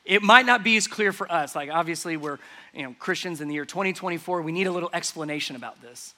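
A pastor delivers a sermon, explaining a scripture passage conversationally and repeatedly asking listeners rhetorical questions. He talks fast and animatedly in a high, bright, forceful voice.

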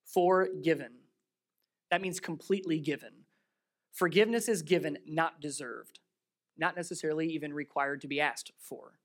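A pastor delivering a sermon in a mid-range voice. They lean into rhetorical questions and emphatic repetition. They move between raised, stressed lines and low, heartfelt asides. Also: moderate pace. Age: adult with children. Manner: swings between raised emphasis and quiet earnest tones.

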